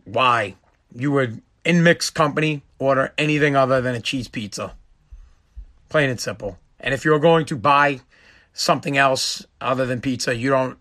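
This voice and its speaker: Bright-voiced man ranting on a podcast. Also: mid-range voice. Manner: profane, exasperated ranting. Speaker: podcast host. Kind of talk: casual ranting monologue. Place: home, streaming live.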